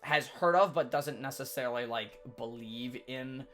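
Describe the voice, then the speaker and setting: Animated, rambling game master recapping. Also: male voice, mid-range voice, normal speed, faint music behind. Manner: rambling, many fillers and restarts, animated. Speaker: dungeon master. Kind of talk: casual recap of a tabletop game session.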